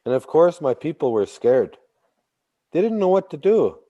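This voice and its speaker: A man telling a traditional story slowly, repeating phrases and bursting into sudden animated emphasis. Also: a little high, muffled recording. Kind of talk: oral storytelling.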